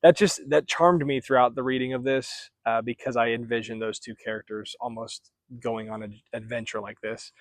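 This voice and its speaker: A man's voice: mid-range voice, fairly even intonation, normal speed, dry recording. A man giving a casual, rambling book review, often correcting himself as he goes. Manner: chatty, rambling, self-correcting.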